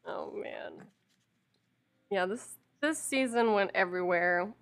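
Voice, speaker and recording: A woman's voice: mid-range voice, takes it slowly, creaky, a bit bright. A young woman chatting casually about a TV show. She sounds exasperated, swears and laughs. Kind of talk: casual chat.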